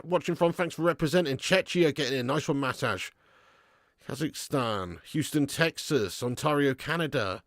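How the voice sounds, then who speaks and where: Unhurried in pace, a young man hosts a live football watch-along, reading chat and commentating in a casual way. He yells and swears at players, then falls back to muttering low, in studio-quality audio with no room sound.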